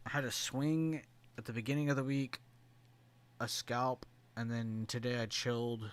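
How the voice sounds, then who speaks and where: A man's voice: mid-range voice, fairly even intonation, moderate pace, smooth. A man hosting a live trading stream, chatting casually and reading out viewer comments in a rambling, joking and profane way. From United States.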